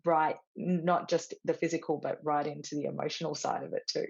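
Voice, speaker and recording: Brief: middle-aged woman host, low voice, rambling friendly chat, dull lo-fi recording. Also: steady tone, a little fast, gravelly, husky. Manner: rambling, many restarts, laughs easily. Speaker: podcast host and stylist. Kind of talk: casual conversational chat. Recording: dull lo-fi sound.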